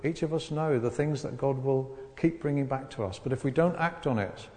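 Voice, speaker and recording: A man preaching to a congregation, acting out the voices of the people in his story with real animation. His voice is mellow and dark in tone, and it rings with the long reverb of a large church hall. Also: mid-range voice, moderate pace. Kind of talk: sermon.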